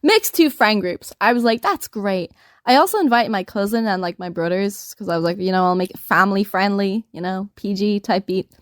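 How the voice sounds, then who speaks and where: A woman's voice: mid-range voice, expressive, a little fast, dry recording, studio quality. A young woman in her twenties co-hosting a podcast, rambling through a story in casual chat and laughing often. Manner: giggly, rambling, laughs often mid-sentence. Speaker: podcast co-host telling a story.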